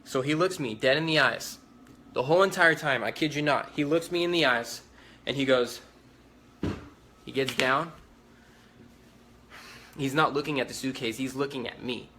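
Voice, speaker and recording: A man's voice: mid-range voice, bright, forceful tone, a little hiss or hum. A young man giving a first-hand eyewitness account, urgent and repetitive, with many restarts.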